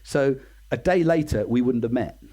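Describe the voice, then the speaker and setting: A man's voice: medium pitch, animated, normal speed, warm tone. Chatty English man in his sixties. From England. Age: 60s. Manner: chatty, self-deprecating, acts out quoted voices. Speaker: guest. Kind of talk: casual storytelling interview.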